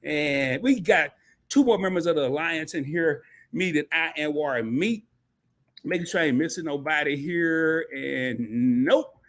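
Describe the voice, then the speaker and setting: A man hosting a live stream talk show, talking in an energetic, slangy, casual way to his chat. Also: fairly high pitch, unhurried. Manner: energetic, slangy, calls the audience "baby" and "man".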